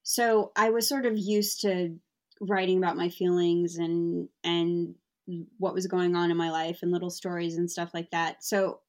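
A woman talking candidly as a guest author in a casual conversation, lively and given to mimicking people. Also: fairly low pitch, measured pace. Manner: candid, animated, mimics others.

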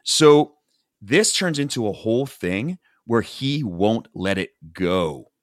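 A man's voice: on the low side, big pitch swings, slow, dry recording, clean studio sound. A man casually recapping a reality show for a podcast, rambling with lots of fillers and acting out what people said. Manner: rambling storyteller, heavy "like" fillers, acts out quotes. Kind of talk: casual chat.

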